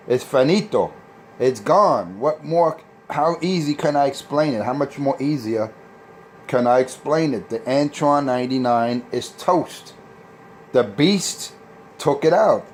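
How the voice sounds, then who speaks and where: A man on CB radio, boasting and trash-talking rivals in a repetitive on-air rant. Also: medium pitch. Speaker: CB radio operator. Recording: CB radio transmission with faint noise.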